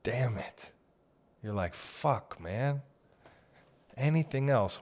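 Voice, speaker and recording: A man's voice: deep voice, unhurried. A man hosting a casual comedy podcast, ranting in a profane, rambling way and laughing often. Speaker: podcast host.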